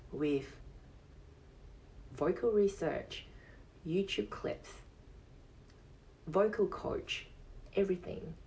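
A male yoga teacher hosting his own podcast, giving an earnest motivational monologue in a high, soft, soothing voice and repeating phrases for emphasis. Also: far from the mic, low-quality recording. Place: casual home podcast setup.

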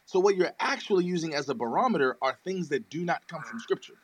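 A man's voice: fairly high pitch, fast talker, slightly rough, no room sound. Earnest man in an online debate. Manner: animated, repeats words when starting. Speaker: debate participant. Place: online audio chat room.

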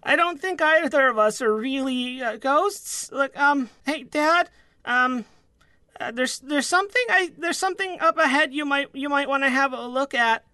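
A man voices a gangly, awkward young sailor in a tabletop game. His voice sits high and he stumbles and restarts every phrase. The sound is close and dry. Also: normal speed, pushed and bright, dry recording, full character voice. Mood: nervous. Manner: stammering, hesitant. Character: nervous gangly young male first mate.

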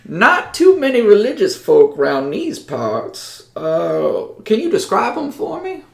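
A man voicing a drawling, folksy swamp villager in overalls, talking slowly in a rural manner. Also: sits high, huge pitch swings, creaky, roomy sound, pitched above the performer's own voice, heavily acted.

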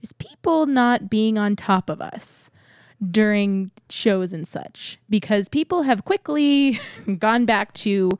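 A woman's voice: medium pitch, animated, slow pace, darkish tone, no echo, clean studio sound. Chatty young woman co-hosting. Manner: chatty, rambling, laughs often. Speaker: podcast co-host. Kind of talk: casual chat.

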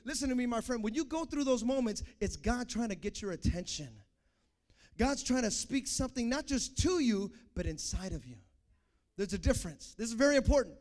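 A young man preaching a sermon, swinging from fervent shouted calls to the congregation to quiet, confessional stories. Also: extremely high pitch, animated, fairly quick. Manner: impassioned, builds to shouting, then quiet and confessional.

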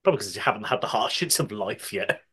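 A man's voice: lowish voice, animated, fast, bright, forceful tone, slightly rough. A man co-hosting a podcast in casual comedic chat, laughing often and swearing freely. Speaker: podcast co-host.

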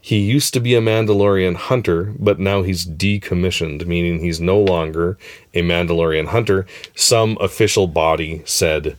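A man's voice: low-pitched, fairly even intonation, moderate pace. A man hosting a casual chat, talking in a loose, chatty way with frequent laughs and filler words. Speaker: podcast host.

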